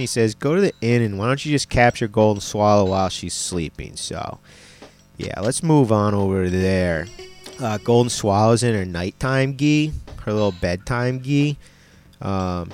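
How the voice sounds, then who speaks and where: A man casually recapping a film in a laid-back, slangy and profane way, with lots of fillers. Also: lowish voice.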